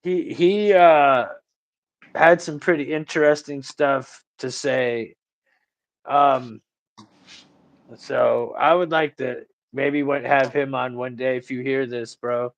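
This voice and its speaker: A man's voice: mid-range voice, fairly even intonation, takes it slowly. A man hosting a livestream in casual chat, rambling and slangy, calling people bro and dude. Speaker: livestream host.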